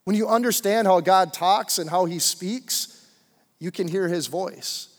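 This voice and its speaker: A young man with a high voice preaches to his church in a relaxed, chatty style, stopping for asides and filler words as he talks. His voice rings out into a big sanctuary with a long reverb trailing behind it. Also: measured pace. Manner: casual, conversational preaching with many fillers. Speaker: pastor. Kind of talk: sermon.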